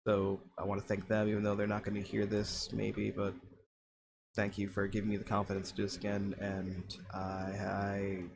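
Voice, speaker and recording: A man in his twenties speaks to his stream audience in a halting, self-conscious way, with frequent pauses and fillers. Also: fairly low pitch, monotone, vocal fry, noisy background. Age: 20s. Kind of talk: casual heartfelt stream talk.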